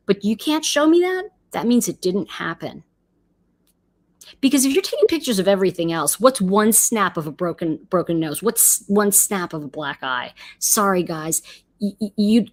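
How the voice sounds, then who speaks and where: Middle-aged woman, livestream host, chatty and animated, lots of fillers and restarts, voice swings widely in pitch. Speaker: livestream host reading viewer comments. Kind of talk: casual livestream chat.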